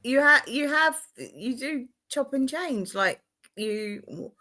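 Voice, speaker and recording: A woman with a bright, sharp-edged voice, pitched a touch high. She tells stories in a casual chat, blunt and animated, swearing heavily as she goes. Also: takes it slowly.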